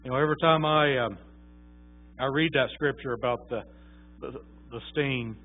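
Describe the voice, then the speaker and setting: Folksy preacher on a tinny line. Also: male voice, medium pitch, normal speed. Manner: folksy, conversational, many fillers. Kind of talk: sermon with storytelling. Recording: tinny phone-like sound.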